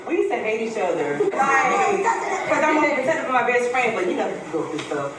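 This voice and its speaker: A woman's voice: a little high, big pitch swings, fairly quick, a loud crowd. A woman giving an emotional speech to her best friend at a party, slangy and choked up. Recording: distant echoey party recording with noise.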